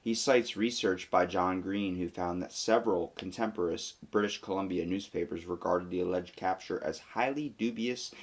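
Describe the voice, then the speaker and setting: Deep-voiced man co-hosting a podcast. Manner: reads facts aloud then riffs jokingly, with fillers. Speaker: podcast co-host. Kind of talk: casual podcast chat.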